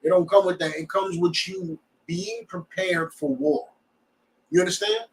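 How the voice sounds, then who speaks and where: Animated man teaching scripture, distant mic. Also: high-pitched, a little slow. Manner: animated, checks in with the class. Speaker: class teacher.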